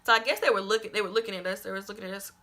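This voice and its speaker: A young woman vlogs a storytime tale from her own life, talking rapid-fire at a medium pitch. She's lively and emphatic, repeats lines for effect, and swears casually throughout.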